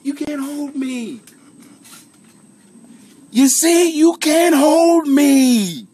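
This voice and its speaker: A man putting on a brash, swaggering character who insists he can't be held down, in a loud, boastful, hammed-up delivery. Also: very high-pitched, sing-song, moderate pace, breathy edge, pitched above the performer's own voice, exaggerated voice.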